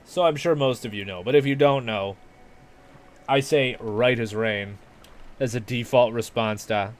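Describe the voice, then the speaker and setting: A man with a medium-pitched voice talks a little slowly while livestreaming a video game. His casual chat rambles along, full of swearing and self-mockery.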